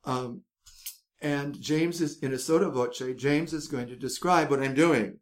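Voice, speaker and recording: A man's voice: fairly high pitch, a little slow. A man hosting a podcast, chatty and self-mocking, rambling with frequent restarts. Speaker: podcast host. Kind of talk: casual podcast chat.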